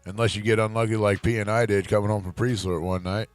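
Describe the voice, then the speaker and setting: Profane, animated man telling a story. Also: lowish voice, quick pace, soft background music. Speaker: podcast co-host. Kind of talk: casual chat, storytelling.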